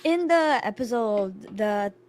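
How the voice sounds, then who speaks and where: A woman's voice: on the high side, expressive, takes it slowly, darkish tone, a little hiss or hum. A woman in casual chat, asking curious, playful questions with laughter.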